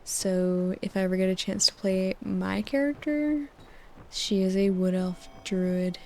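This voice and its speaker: A young woman rambling softly for a sleep-aid gaming video, drifting from topic to topic and often sliding into a whisper, close on a desktop microphone. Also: medium pitch, measured pace, slight background noise. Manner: rambling and tangential, many "like"s, drifting into soft whispers. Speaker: gaming channel host. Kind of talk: soft-spoken sleep-aid rambling over gameplay. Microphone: desktop USB mic.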